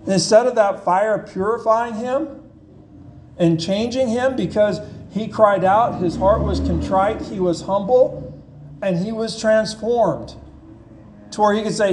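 A man delivers a sermon at an unhurried pace, his voice sitting high. He talks in a plain, conversational way and keeps putting questions to his listeners. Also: lively intonation, darkish tone. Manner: slow, conversational preaching with rhetorical questions. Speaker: pastor.

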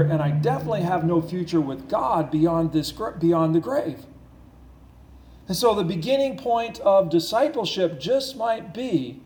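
A man preaching a sermon as pastor, earnest and repetitive, slowing words down for emphasis. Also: on the high side, animated, a little mellow, reverberant, low-quality recording.

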